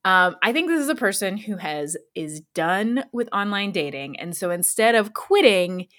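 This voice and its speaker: A woman's voice: mid-range voice, sing-song, moderate pace, fairly bright tone, no room sound, studio quality. A woman co-hosting a podcast, recounting a news story in a rambling, giggly, casual way. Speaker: podcast co-host.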